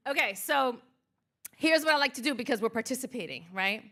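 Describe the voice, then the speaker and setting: A woman, a motivational speaker, reciting a slow, emphatic spoken-word piece and then leading a live audience through a participation exercise at a museum event. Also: a little high. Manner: slow, emphatic poetic delivery, then lively and playful with the crowd.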